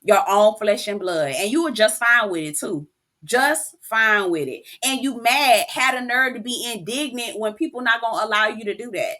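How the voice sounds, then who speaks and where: A woman giving casual, expressive commentary recapping a reality TV episode, talking to the viewer like a close friend. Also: on the high side, moderate pace. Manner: chatty, expressive, keeps calling the viewer "girl"; emotional, near tears at moments.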